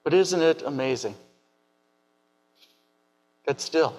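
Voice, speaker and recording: Higher-voiced preacher in a reverberant church. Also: male voice. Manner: measured, questioning delivery. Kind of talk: sermon.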